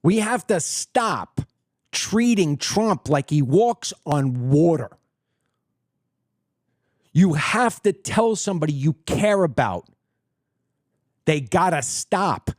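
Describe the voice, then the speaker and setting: A man hosting his own political commentary show, delivering a heated monologue in a blunt, combative way that swings between loud outbursts and low, threatening tones. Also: very animated, takes it slowly, pauses often, dry recording, studio quality.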